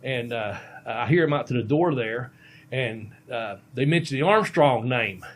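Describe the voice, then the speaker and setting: A man's voice: medium pitch, lively intonation, unhurried, slight background noise. A middle-aged man, a veteran pro wrestler, telling a long casual podcast story with many ums and restarts.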